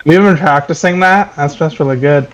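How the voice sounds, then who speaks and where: A man's voice: a little high, fairly quick. A man chatting casually and earnestly on a podcast. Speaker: podcast co-host. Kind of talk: casual chat. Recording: dull lo-fi mic.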